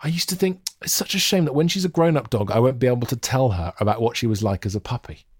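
A man's voice: mid-range voice, expressive, quick pace, a little mellow, breathy edge, no echo, studio quality. A man in his thirties, a podcast co-host, telling rambling, self-mocking stories from home. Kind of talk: casual chat. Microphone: USB podcast mic with headphones.

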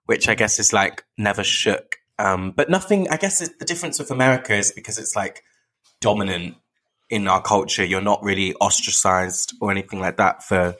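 A man with a Bristolian accent, a podcast guest chatting casually and animatedly, with lots of fillers. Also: on the low side. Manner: animated, lots of "like" and quick laughs. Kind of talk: casual chat.

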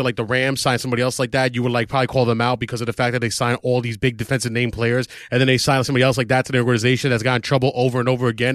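A man's voice: mid-range voice, dry recording, clean studio sound. A man hosting a podcast in casual chat, rambling with fillers and restarts. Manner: rambling, lots of fillers and restarts, playful impressions. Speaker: podcast host.

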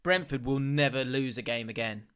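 A man in the host's chair of a casual podcast, joking with the guys and breaking into loud laughter, swearing freely. His voice sits at an ordinary middle pitch. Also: normal speed, clean tone. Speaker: podcast host. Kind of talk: casual banter.

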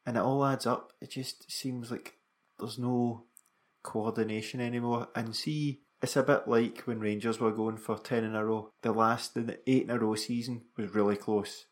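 A man's voice: mid-range voice, steady tone, moderate pace. A Scottish man co-hosting a football podcast, making his points earnestly and emphatically. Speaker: podcast co-host. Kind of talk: casual football podcast chat.

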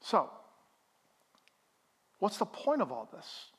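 Middle-aged guy pastor giving a sermon in church, pretty high voice, jokey and lively with the congregation. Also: slow pace, husky. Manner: animated, joking with the congregation.

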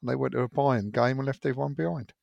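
A man telling a story on a podcast, haltingly, with many restarts. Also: mid-range voice, vocal fry, a little mellow, no room sound. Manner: hesitant, halting. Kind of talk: casual storytelling.

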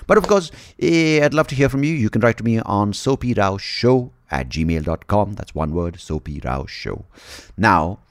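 A man's voice: fairly low pitch, animated, moderate pace, no echo, clean studio sound. A man hosting a solo podcast, rambling through wild theories in a jokey, profane way and slipping into mock-dramatic narration. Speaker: podcast host.

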